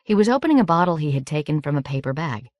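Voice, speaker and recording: A woman narrating an audiobook in a measured, steady reading. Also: sits low, dry recording, clean studio sound.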